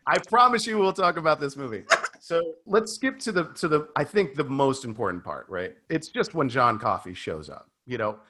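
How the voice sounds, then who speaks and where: Male podcast host, bright tone, loose chatty delivery with tangents. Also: medium pitch. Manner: chatty, tangents, laughs often, repeats words. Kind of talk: casual movie podcast chat.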